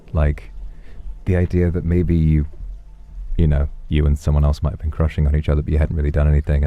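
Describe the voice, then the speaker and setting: A man streaming, chatting softly and affectionately as he reads viewer donations. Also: very deep voice. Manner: soft, affectionate, musing. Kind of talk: casual chat reading donations.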